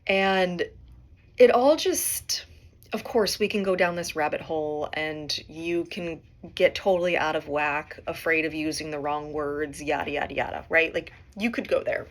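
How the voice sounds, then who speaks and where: Middle-aged woman, low-pitched, musing, rambling, podcast host, solo monologue. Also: a little slow. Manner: musing, rambling, often adds "right?".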